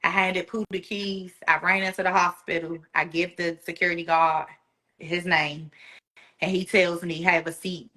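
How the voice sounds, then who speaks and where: A woman with a bright, forceful voice recounts a painful personal story. She tells it in an animated way and jumps into the voices of the people she quotes. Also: fairly low pitch, normal speed. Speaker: guest.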